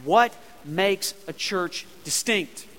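A man's voice: high-pitched, expressive, slow, pushed and bright, a little hiss or hum. A man preaching a sermon as pastor in a church, emphatic and conversational, drawing the congregation into call-and-response. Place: church sanctuary. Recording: long reverb of a large hall.

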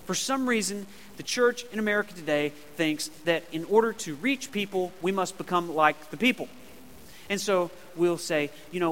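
A man's voice: high voice, moderate pace, a bit bright, slight background noise. A man preaching a sermon as pastor in a church, emphatic and conversational, drawing the congregation into call-and-response. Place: church sanctuary. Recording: long reverb of a large hall.

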